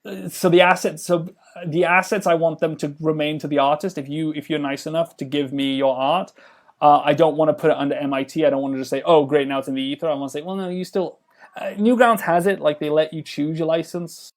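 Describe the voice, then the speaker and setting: A man's voice: a little high, fairly quick. A man talking casually in a podcast conversation, rambling with lots of fillers and restarts as he explains his game project. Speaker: game developer guest.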